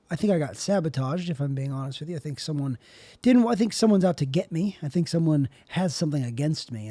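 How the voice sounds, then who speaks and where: A man's voice: a little high, mellow, dry recording. A young man hosting a podcast, talking alone in a rambling way, repeating and rewording his own lines. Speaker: podcast host. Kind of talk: rambling solo monologue.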